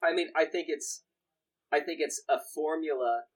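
A man's voice: on the high side, moderate pace, low-quality recording. A young man co-hosting a podcast, chatting casually about a movie he loves, rambling with restarts and quoting lines. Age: young adult. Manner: rambling with many restarts and quoted asides. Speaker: podcast co-host. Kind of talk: casual film chat.

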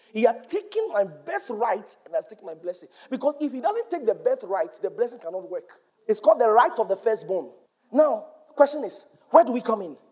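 A man preaching a church sermon, emphatic and rising to shouts on key points, quoting scripture in old-fashioned wording. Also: extremely high pitch, husky.

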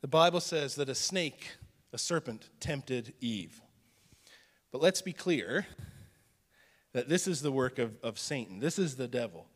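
A male pastor preaching a sermon in a conversational teaching style, dropping to a hushed voice for emphasis. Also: medium pitch, lively intonation, unhurried, long pauses, long reverb tail.

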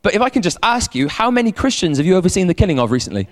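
A man preaching a sermon as a pastor, animated, repeating words and calling on the congregation to respond. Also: high voice, rapid-fire. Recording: long hall reverb.

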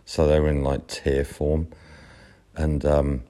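A man tells a casual story in an unusually deep, dark voice. He speaks slowly and meanders with fillers and restarts. The effect is a relaxed, unhurried monologue. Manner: rambling, halting, full of fillers and restarts. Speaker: podcast storyteller.

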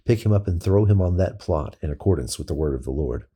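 A man's voice: sits low, expressive, quick pace, mellow, slightly rough, full character voice. A man voicing a curt, commanding army commander in a scripture reading. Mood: stern.

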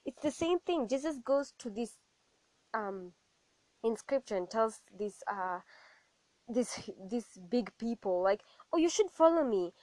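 A young adult woman giving a personal faith testimony in an animated storytelling way, acting out what other people said to her. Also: fairly high pitch, slow pace, long pauses, no room sound. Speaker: testimony speaker.

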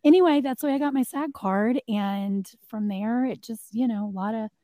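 Animated storytelling woman, dry mic. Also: on the high side, normal speed, dry recording. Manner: animated storyteller, acts out quotes. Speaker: podcast co-host. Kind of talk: casual chat.

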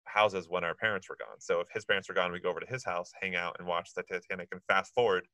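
Quick, bright-voiced man joking around. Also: sits low, no echo, rough recording. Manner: quick, joking, animated storytelling. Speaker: podcast co-host. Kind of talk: casual chat.

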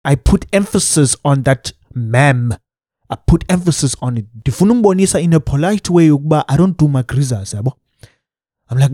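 A young South African man with a slightly higher voice, mellow and soft-edged, telling a storytime anecdote on camera. He talks with animated energy, slips between English and local phrases, and laughs through the telling. The sound is close and dry. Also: a little fast, no room sound. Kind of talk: casual storytime monologue.

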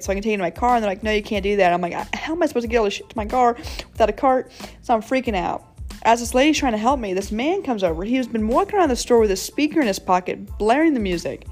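Young woman, podcast host, slightly high voice, rambling casual storytelling, lots of fillers, faint music behind. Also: a little mellow. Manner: rambling, frequent "like" and "I'm like" quotes, swears casually.

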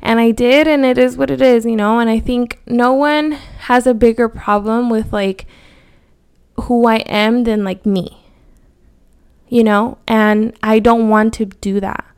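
A woman's voice: a little high, steady tone, a little slow, darkish tone, clear, resonant tone. A woman in her thirties, a podcast host, talking candidly and from the heart in a personal monologue, full of fillers. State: voice cracking with emotion.

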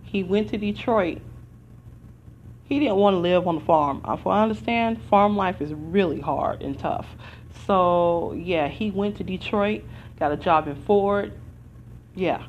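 A woman's voice: on the low side, measured pace, a little hiss or hum. Earnest woman talking, muffled recording. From United States. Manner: earnest, rambling, with restarts. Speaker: podcast host. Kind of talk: casual spoken commentary.

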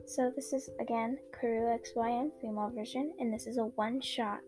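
A woman's voice: fairly high pitch, fairly even intonation, moderate pace, darkish tone. A young woman casually chatting and reading her own fan story, hesitant with many ums. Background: background music.

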